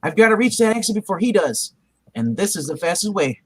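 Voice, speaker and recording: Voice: medium pitch, big pitch swings, fairly quick, slightly rough, dry recording, poor audio. A reader voicing a cocky young male superhero in a casual comic read-aloud, with stumbles. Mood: determined. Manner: reads with stumbles and laughs.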